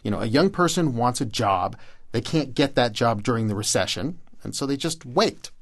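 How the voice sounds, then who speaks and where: A man's voice: mid-range voice, lively intonation, normal speed. Playful man co-hosting a radio show. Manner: playful, bantering. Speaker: radio co-host. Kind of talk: radio narration and banter.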